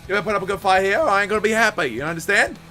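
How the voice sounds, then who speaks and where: A man voicing a brash anarchist male beast-man gang leader in a mock Scottish accent, loud and taunting. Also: high-pitched, rapid-fire, faint music behind, voice pushed up. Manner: rowdy, taunting, shouty.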